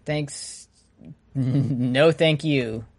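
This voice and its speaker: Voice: mid-range voice, very slow, a little mellow, breathy edge. A podcast co-host chatting casually, rambling and joking, often breaking off mid-sentence. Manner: rambling, jokey, self-interrupting. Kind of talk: casual chat.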